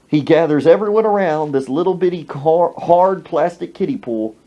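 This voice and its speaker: A man hosting a podcast, telling a comic story with an exaggerated, animated delivery, on a dull lo-fi recording. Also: on the high side, normal speed, hardly any pauses. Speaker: podcast host.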